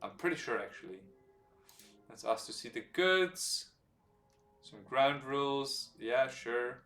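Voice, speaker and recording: Male streamer at mid pitch talking through his game moves, captured off-mic in an echoey room with soft music underneath. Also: takes it slowly. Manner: explains game mechanics while thinking aloud; relaxed, hesitant with many fillers. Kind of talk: live gameplay commentary. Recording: roomy sound from a distant mic, faint background music.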